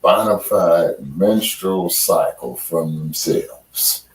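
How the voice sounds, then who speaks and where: A man with a very low voice talks slowly and lazily through a casual podcast chat. He sits well back from the mic, so his voice comes through distant and roomy. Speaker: podcast co-host.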